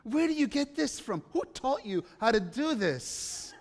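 A man's voice: extremely high pitch, very animated, measured pace, pitched above the performer's own voice, full character voice. A man voicing his worried, scolding Italian mother, firing off exasperated questions, in a reverberant hall.

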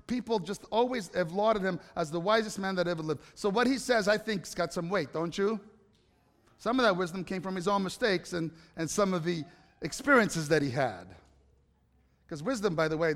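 A pastor with a New York accent delivers a storytelling sermon, his voice sitting high for a man. He acts out quotes and climbs to loud, emphatic peaks. The sound carries a long reverb from a large hall. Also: normal speed.

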